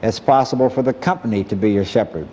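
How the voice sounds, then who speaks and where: A man giving an earnest, measured Bible lesson and quoting verses as he teaches. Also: fairly low pitch, mellow, long reverb tail, a little hiss or hum.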